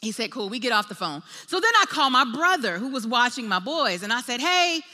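Animated woman preaching in an echoey hall. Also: on the high side, brisk. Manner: animated storytelling, acts out voices in quotes. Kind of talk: sermon with personal story.

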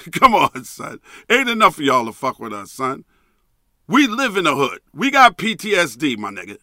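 Man for a solo podcast rant: lively, swooping delivery, profane and emphatic, dry close sound. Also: a little high, normal speed, no room sound. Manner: repeats a catchphrase. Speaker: podcast host.

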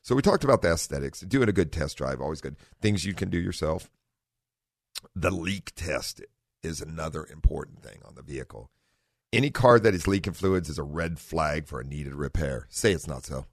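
A middle-aged man hosting a car talk radio show in a studio, relaxed and rambling, often correcting himself. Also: a bass voice, moderate pace, creaky, no echo. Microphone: studio microphone.

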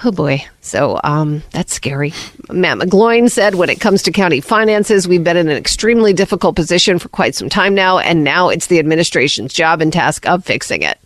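A morning radio news host talks through local headlines in a loose, chatty way, full of asides, fillers and quick reactions. The studio mic is close and dry, and the pitch sits mid-range. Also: lively intonation, a bit bright, no echo. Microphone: studio microphone.

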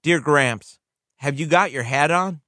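A man's voice: fairly high pitch, unhurried, bright, forceful tone, no room sound. Heartfelt blind little girl writing to gramps, as a man reads her letter, dry close sound. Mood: eager, heartfelt. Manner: eager, wondering, heartfelt.

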